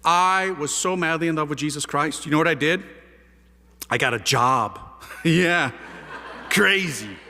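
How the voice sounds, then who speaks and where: A priest telling his conversion story to an audience, a lively storyteller using casual slang and rhetorical questions. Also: a little high, measured pace, long pauses, slight background noise. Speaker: priest giving a conversion testimony. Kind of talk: animated testimony talk to an audience. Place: large hall with a live audience. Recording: reverberant hall.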